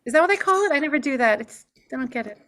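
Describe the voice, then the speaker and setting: A woman hosting a live online improv comedy show, playfully calling on players and telling quick bar jokes. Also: sits high, expressive, over a noisy crowd.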